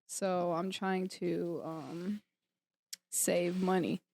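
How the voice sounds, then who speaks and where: A woman's voice: on the low side, fairly even intonation, very slow, creaky, darkish tone. A woman on a casual group podcast, blunt and wry.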